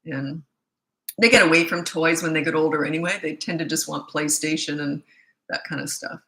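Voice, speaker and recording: A woman with a bright, forceful tone and a fairly low-set voice talks through parenting questions in a casual, chatty way. She is middle-aged and animated, and she slips into quoted voices when she retells things. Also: a little fast, rough recording. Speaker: parenting coach answering questions. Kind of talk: casual advice chat.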